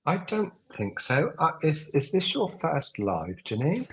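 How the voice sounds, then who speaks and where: A man's voice: on the high side, huge pitch swings, unhurried, fairly bright tone, breathy edge. A man co-hosting a live stream in casual chat, easygoing and teasing.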